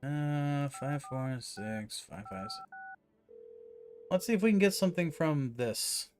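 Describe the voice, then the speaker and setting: A man's voice: fairly high pitch, very animated, slow, a little hiss or hum. A man streaming a game, commenting casually and rambling with fillers as he plays. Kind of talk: live gameplay commentary.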